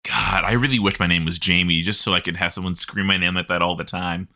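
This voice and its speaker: A man's voice: low voice, fairly even intonation, gravelly, pushed and bright. A man co-hosting a casual gaming podcast, joking around and laughing often. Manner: laughs often, jokey, quick asides. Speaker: podcast co-host. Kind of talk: casual chat.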